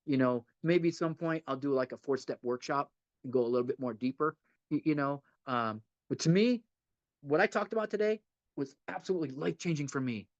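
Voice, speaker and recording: A man's voice: on the high side, fairly quick, no echo. Earnest man teaching recovery, dull lo-fi sound. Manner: earnest, repeats points, asks rhetorical "right?". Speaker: twelve-step study leader.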